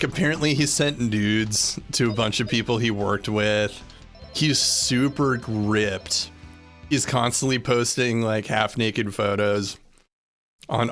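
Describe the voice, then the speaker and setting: A man's voice: lowish voice, fairly bright tone. A man chatting casually during a live game stream, rambling and loose with lots of "like" and "uh" between thoughts. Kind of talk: casual live-stream chat while gaming.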